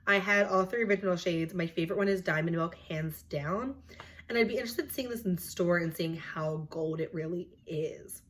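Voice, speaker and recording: A young woman with a slightly low voice, talking through new makeup releases in a chatty, opinionated way. She fills her sentences with "like" and "um" as she reviews products for her beauty channel. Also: moderate pace. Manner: chatty, opinionated, filler-heavy. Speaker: beauty vlogger.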